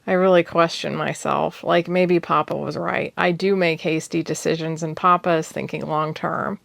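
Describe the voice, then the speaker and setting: A woman's voice: sits low, steady tone, moderate pace, creaky, a bit bright, no echo, exaggerated voice. A woman voicing a thoughtful young blind heir. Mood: steady. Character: young man, blind heir of a magic-dealing family, thoughtful.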